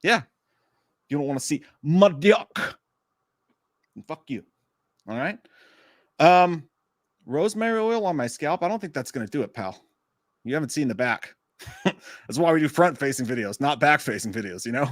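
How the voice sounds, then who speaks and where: A man's voice: on the high side, expressive, moderate pace, pauses often, no room sound, clean studio sound. Joking, crude-talking man on a live stream. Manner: crude, self-mocking joking; rambling, chatty storytelling. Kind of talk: casual live stream chat.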